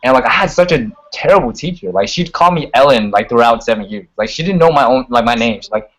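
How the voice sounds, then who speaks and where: A man's voice: medium pitch, lively intonation, fast, low-quality recording. A young man chatting casually as a guest on a video call, full of "like" and "you know", swearing freely. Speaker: guest singer and rapper.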